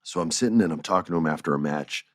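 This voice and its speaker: Man, very low voice, dry close sound, casual storytelling podcast host, animated, chuckles. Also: fast, no echo. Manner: animated, chuckles while telling stories, acts out quoted dialogue.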